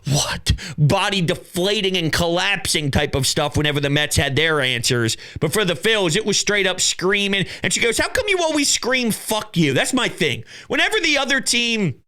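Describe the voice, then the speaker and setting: Young Philly male host, high bright voice, shouty animated call-in chat. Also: normal speed, few pauses. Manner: animated, shouts and acts out quotes. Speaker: show host. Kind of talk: excitable sports call-in chat.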